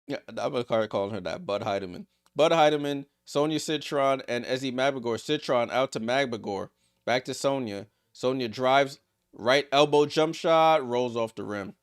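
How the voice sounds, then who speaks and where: A man streams a live watchalong at normal speed, chatting with viewers and laughing as he gives casual play-by-play. He gets excitable, his pitch jumping up on big plays, then drops low and quiet for side remarks and asides to the chat.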